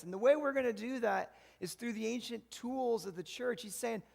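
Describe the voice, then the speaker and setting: Pastor, male, high gravelly voice, chatty preaching style, long church-hall reverb. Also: moderate pace, few pauses, darkish tone. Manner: conversational preaching with frequent "right?" asides. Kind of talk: sermon.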